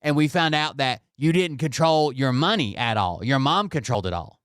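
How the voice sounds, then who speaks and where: A man's voice: mid-range voice, animated, moderate pace, fairly bright tone, smooth, no room sound, studio quality. A man commenting on a played clip in casual reaction talk, blunt and sarcastic with profane asides.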